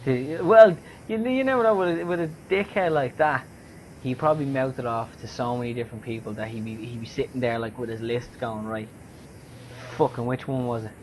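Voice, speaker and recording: A man co-hosts a podcast and reacts with stammering asides and swear words. His mic carries clear background noise and clicks, and his voice sits at a middle pitch. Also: fairly quick, darkish tone, low-quality recording. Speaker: podcast co-host. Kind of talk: casual chat.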